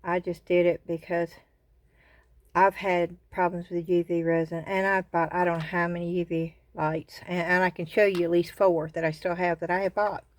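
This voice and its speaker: A woman with a Southern US accent hosting a casual crafting vlog from her phone camera, gushing with excited exclamations. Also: on the low side, normal speed, no echo. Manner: excited exclamations, says y'all a lot. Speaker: craft channel host.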